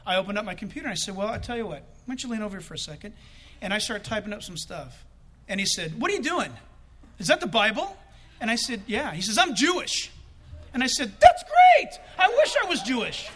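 High, bright, animated male preacher. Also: quick pace. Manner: storytelling with acted-out quotes, bursts of laughter. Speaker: preacher telling a personal story. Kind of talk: animated sermon anecdote.

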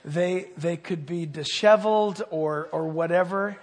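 An older man preaching a sermon with fervor, rising loud on key points and dropping quiet. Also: sits high, unhurried. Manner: fervent, swells loud on key points then drops quiet. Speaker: pastor. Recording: long hall reverb.

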